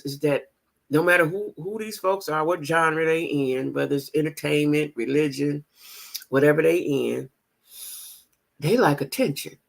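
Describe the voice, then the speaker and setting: A woman's voice: deep voice, creaky. A woman hosting a gossip show, chatting casually and directly to her viewers, repeating phrases for emphasis. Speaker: host of a gossip channel.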